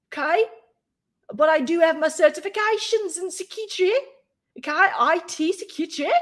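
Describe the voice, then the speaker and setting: A woman talking to her camera in a loose late-night chat, sarcastic and ranting. Her voice sits at an ordinary middle pitch, with mocking asides. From United States. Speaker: vlogger.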